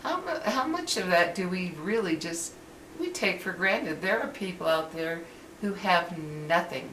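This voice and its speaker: Older woman, deep voice, earnest rambling vlog talk, echoey room, faint hiss. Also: animated, unhurried, fairly bright tone. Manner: earnest, rambling, with frequent restarts. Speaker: vlogger. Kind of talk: casual motivational talk to camera. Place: home living room, indoors. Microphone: built-in camera mic. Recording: roomy and distant with faint hiss.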